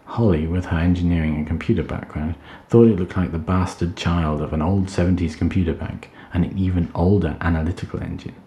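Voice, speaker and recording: Deep-voiced man reading a story. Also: fairly even intonation, a little fast, hardly any pauses, warm tone, highs cut off. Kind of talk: reading fiction aloud. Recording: roomy echo.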